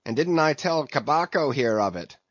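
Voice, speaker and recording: A man's voice: medium pitch, lively intonation, moderate pace, dry recording, dull audio, pitched above the performer's own voice, close to an everyday voice. A man voicing a chatty young sailor who talks in an eager, unbothered way.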